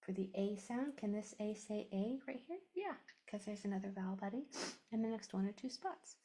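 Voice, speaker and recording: A woman's voice: mid-range voice, expressive, brisk, mellow, slightly rough. A woman teaching a phonics lesson to a class, sounding out letters and syllables, often dropping to a whisper.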